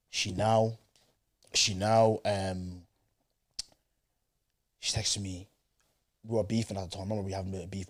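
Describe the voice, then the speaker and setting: A man hosting a podcast, telling a story in slangy, animated casual chat. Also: low-pitched, husky. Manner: slangy, animated, with restarts and asides. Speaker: podcast host.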